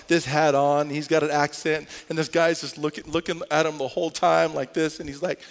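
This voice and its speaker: Animated preacher in a reverberant hall. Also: male voice, on the high side, brisk, gravelly. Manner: animated storytelling, rising to shouts. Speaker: pastor. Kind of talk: sermon. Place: church sanctuary.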